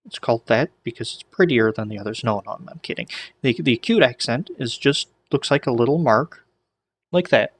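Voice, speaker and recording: A man with a middle-pitched voice teaching a laid-back lesson. He talks casually, often restarting his sentences and slipping in small jokes as he explains. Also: fairly quick, breathy edge. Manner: relaxed, many restarts and asides, light joking. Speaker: Greek teacher.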